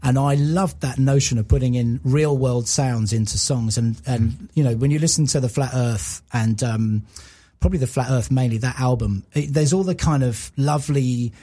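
A man's voice: mid-range voice, normal speed, few pauses, mellow. A man, a podcast guest rambling through enthusiastic stories and acting out what people said. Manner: rambling, enthusiastic storyteller who acts out quotes. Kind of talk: casual chat.

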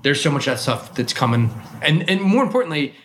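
A man's voice: fairly high pitch, very animated, a little fast, fairly bright tone, a little hiss or hum. A man who owns a bar and collects whiskey, chatting casually and telling rambling stories that trail off and restart. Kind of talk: casual chat.

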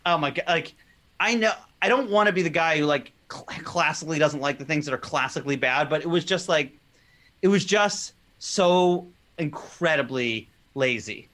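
A man talks in a loose, rambling way, animated and quick to laugh. His voice sits a little high and sounds bright and forward. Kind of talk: casual chat.

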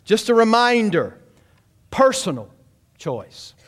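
A man's voice: high voice, sing-song, slow, a bit bright. A man preaching a sermon, emphatic and calling out to his congregation in a church. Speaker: pastor. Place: church sanctuary.

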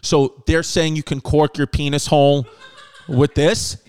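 A man's voice: fairly high pitch, level tone, unhurried, a little mellow, clean tone. A man hosting a comedy podcast, rambling casually with lots of fillers and swearing. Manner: rambling, profane, filler-heavy. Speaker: podcast host.

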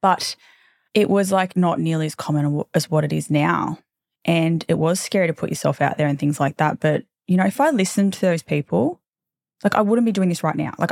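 Here a woman in her thirties is hosting a podcast, chatting frankly with some casual cursing and frequent tangents. She has a low, darkish voice that isn't girly. The sound is clean studio audio with no room sound.

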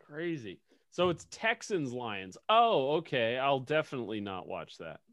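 A man's voice: mid-range voice, sing-song, unhurried, a bit bright, no room sound. A man hosting a casual sports podcast, telling stories with lots of swearing and laughter. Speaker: podcast host.

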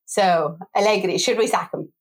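Fast-talking exasperated woman football host. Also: lowish voice. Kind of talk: casual podcast discussion.

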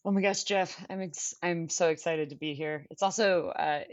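Californian woman co-host, chatty and self-mocking, lowish voice, dry dull recording. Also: steady tone, normal speed, no echo. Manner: chatty, self-deprecating, laughs often. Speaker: actress, podcast co-host. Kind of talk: casual podcast chat.

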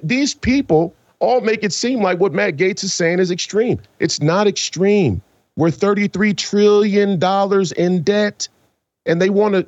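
A man's voice: sits high, no echo, lo-fi sound. A man giving impassioned political commentary as a guest, emphatic and fired up. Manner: fired up, emphatic, dramatic pauses.

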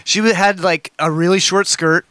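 A man's voice: high voice, steady tone, moderate pace, sharp tone, smooth, no room sound. A man co-hosting a comedy podcast, trading crude stories in casual banter. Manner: crude, storytelling, laughing.

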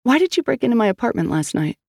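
A woman's voice: on the high side, sing-song, quick pace, gravelly, a little mellow, breathy edge, dry recording, studio quality, pitched above the performer's own voice, heavily acted. A narrator voicing a tough, wary female police detective who talks bluntly and demands answers, in an audiobook. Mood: demanding.

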